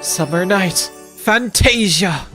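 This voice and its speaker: A man's voice: high voice, slow, sharp tone, soft background music, pitched above the performer's own voice, heavily acted. A man voicing a gallant young female knight who speaks in grand, old-fashioned phrases while reading game dialogue aloud. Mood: grandiose.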